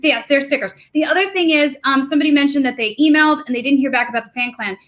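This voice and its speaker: A woman's voice: high voice, quick pace, a bit bright. A middle-aged woman with a New York accent, co-hosting a casual livestream chat and laughing often. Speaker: livestream co-host.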